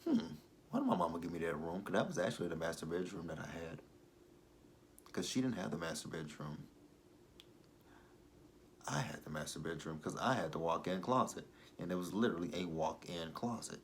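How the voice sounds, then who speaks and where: A man in his thirties chatting casually about a TV episode, drifting into tangents and animated childhood stories. His voice sits fairly low. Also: brisk, long pauses, a little hiss or hum. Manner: rambling, animated storytelling, tangents. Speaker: YouTube TV reviewer. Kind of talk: casual chat.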